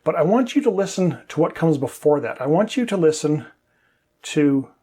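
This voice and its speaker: A man's voice: a little high, big pitch swings, moderate pace, mellow, breathy edge. A man teaching English pronunciation, explaining patiently step by step and demonstrating sounds.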